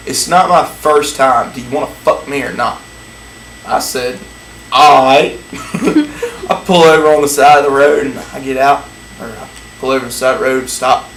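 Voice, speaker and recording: A man's voice: medium pitch, fairly bright tone. Man, crude comic storyteller, drawling, profane, echoey room, faint background hiss. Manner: drawling, profane, laughs at own jokes.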